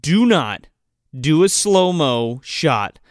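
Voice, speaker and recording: Animated, expressive man. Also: a little high, slow pace, no room sound, clean studio sound. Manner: animated, swearing, acts out characters mid-story. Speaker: podcast co-host. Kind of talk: casual movie-recap chat.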